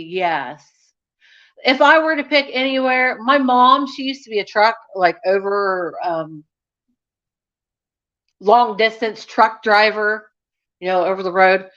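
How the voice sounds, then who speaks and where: A livestream host with a medium-pitched, fairly bright voice chats casually with viewers, reading their comments and drifting through stories. She rambles, restarting and using fillers a lot, over dull audio.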